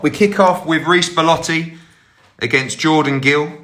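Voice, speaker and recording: A man's voice: on the high side, sing-song, normal speed, a bit bright, low-quality recording. A middle-aged man, a sports promoter, chatting casually and brashly with live-stream viewers into his phone while a little out of breath. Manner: brash and upbeat, swears casually. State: a bit out of breath. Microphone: phone held while walking.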